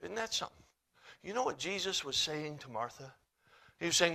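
Male preacher, slightly high, forceful bright tone; dynamic sermon delivery from hush to loud emphasis. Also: lively intonation, a little fast, gravelly, long pauses. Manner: swings between hushed and loud emphatic delivery; reads scripture in King James wording.

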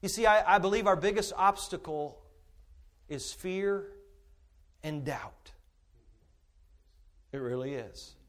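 A man preaching a sermon as pastor, emphatic, swinging from shouted peaks to hushed asides. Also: high-pitched.

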